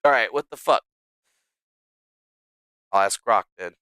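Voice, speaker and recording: A man live streaming, talking casually to himself and his chat, swearing often, muttering, then bursting into loud exasperated outbursts. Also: fairly low pitch, a little slow, clear, resonant tone, no room sound.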